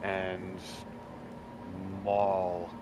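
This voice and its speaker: Laid-back low-voiced man player. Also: completely flat delivery, very slow, lo-fi sound, background noise. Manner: laid-back, loose phrasing full of "like". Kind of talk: casual tabletop game play.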